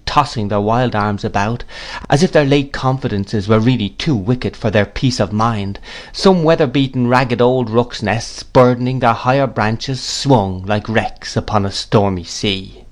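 A man narrating a classic novel in a measured, unhurried storytelling manner. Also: medium pitch. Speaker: audiobook narrator.

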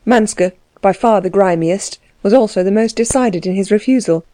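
A woman narrates a classic novel in a measured, unhurried way. Her voice is mellow and soft-edged, recorded close and dry. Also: medium pitch, no echo. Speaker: audiobook reader. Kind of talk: scripted narration.

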